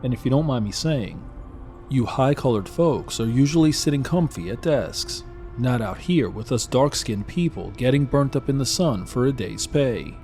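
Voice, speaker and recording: A brawny, easygoing Jamaican driver, voiced by a male narrator, drawling his lines in a relaxed Jamaican accent. The voice sits at a middle pitch and sounds dark and mellow. Soft music plays faintly underneath. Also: normal speed, lightly acted.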